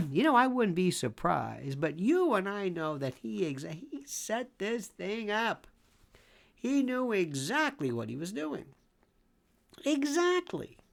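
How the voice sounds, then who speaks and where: A man's voice: very high voice, gravelly. A man in his sixties hosting a legal commentary show, emphatic and repetitive, swinging between exclamations and muttered asides. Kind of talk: opinionated commentary.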